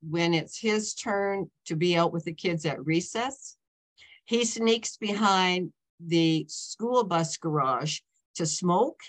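A lowish-voiced author in her seventies rambles through stories in a casual talk. She constantly interrupts herself to check in with "okay?" and "you know."

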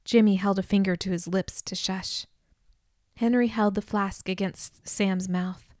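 A woman narrating an audiobook in a measured, expressive way, on a close studio mic. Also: medium pitch, no room sound.

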